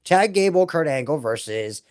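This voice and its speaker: A man's voice: fairly high pitch, lively intonation, moderate pace, a little mellow. A man hosting a casual vlog, chatty and rambling with many fillers and offhand swearing. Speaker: host. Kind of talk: casual tabletop wrestling draw vlog.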